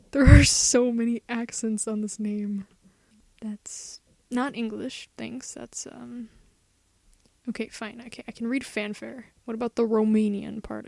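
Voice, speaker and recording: A woman's voice: on the high side, vocal fry, mellow, dry recording. A teenage girl hosting a student radio show, stumbling through a script in mock Shakespearean English, laughing and whispering asides. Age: teens.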